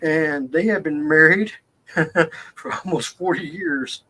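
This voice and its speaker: Chatty man with a higher voice. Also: slow, bright, forceful tone, low-quality recording. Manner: chatty, emphatic storyteller. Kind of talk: casual chat.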